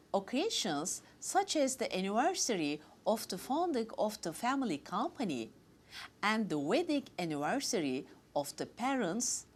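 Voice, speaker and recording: A woman hosting a talk, reading prepared formal remarks in a measured, list-like way. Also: mid-range voice. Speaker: host.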